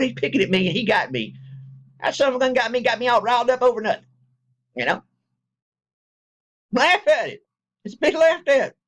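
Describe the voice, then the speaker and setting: Man, gravelly folksy talker, rambles through an apology to viewers, dull home recording. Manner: folksy, wanders off and restarts, swings from low mumbles to high laughing excitement. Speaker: online video maker.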